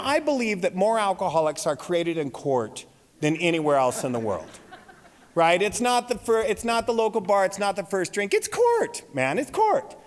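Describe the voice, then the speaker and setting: Animated high-voiced man in a reverberant hall. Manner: animated, laughing at his own stories. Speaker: recovery meeting speaker. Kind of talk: comic storytelling talk. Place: large convention hall.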